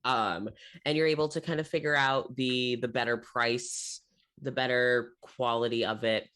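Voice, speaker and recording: A man serving as game master for a tabletop role-playing game, narrating the scene. He talks in an easygoing, meandering way, often pausing on an um or uh. His voice sits at a middling pitch for a man. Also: clean tone. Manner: relaxed and rambling, with frequent 'um' and 'uh'.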